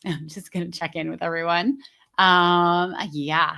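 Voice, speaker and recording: A woman coaching small-business owners live from home, with a bright, forceful tone. She talks loosely and chattily, full of fillers and restarted phrases. She breaks off now and then to welcome viewers by name. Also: fairly low pitch, steady tone, unhurried, gravelly. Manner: greets viewers in the chat. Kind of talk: casual livestream talk.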